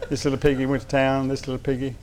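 A man's voice: medium pitch, completely flat delivery, racing, darkish tone. A man preaching a sermon, reading funny anecdotes aloud and laughing along, then turning earnest. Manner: shifts between light storytelling and earnest preaching.

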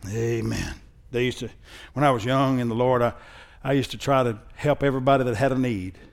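A man preaching a sermon in a conversational way that builds into loud, emphatic preaching, often using a sarcastic tone. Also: mid-range voice, fairly even intonation, creaky. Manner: reads scripture in a slow, mocking sarcastic tone. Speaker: pastor.

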